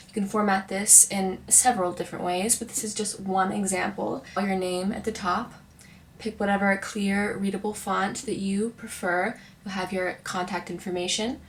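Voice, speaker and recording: A woman's voice: medium pitch, a little hiss or hum. A young woman, a working actor, giving chatty, encouraging advice straight to the viewer in a casual vlog. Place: apartment in New York.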